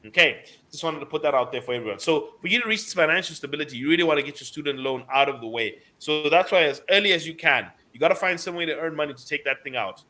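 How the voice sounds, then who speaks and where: A man's voice: on the high side, expressive, fast, few pauses, pushed and bright. Emphatic man giving money advice. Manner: emphatic, lecturing, repeats key words for stress. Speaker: financial commentator. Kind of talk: radio financial advice talk.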